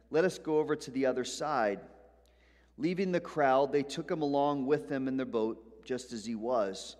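A man preaching a sermon in a church, in a conversational way with joking asides to the congregation. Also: medium pitch. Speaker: pastor. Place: church sanctuary. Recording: long hall reverb.

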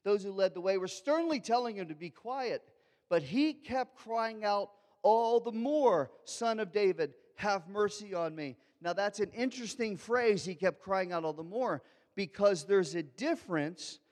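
A man preaching a sermon as a pastor, swinging from soft asides to loud, fervent outbursts. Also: high-pitched, a little slow. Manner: animated preaching, shifts from soft asides to loud shouted quotes. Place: large church hall. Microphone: handheld or headset microphone. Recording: long hall reverb.

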